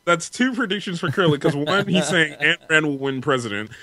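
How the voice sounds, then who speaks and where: Hesitant, joking young podcast host. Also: male voice, a little high, lively intonation, brisk, sharp tone. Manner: hesitant, many fillers, jokey. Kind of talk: casual podcast banter.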